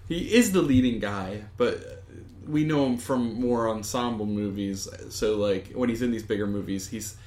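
A man's voice: fairly low pitch, normal speed, few pauses, darkish tone. Playful man chatting casually. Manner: playful, joking, laughs often. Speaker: podcast co-host. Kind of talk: casual chat.

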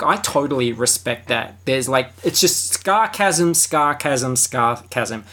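A man giving a casual, sarcastic and jokey film review, animated and chatty. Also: mid-range voice.

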